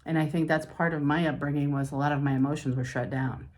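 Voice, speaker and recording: A middle-aged woman with a low voice talks as a spiritual life coach. She is candid and confiding, working through her feelings out loud. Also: fairly even intonation, fast talker. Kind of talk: personal talk to camera.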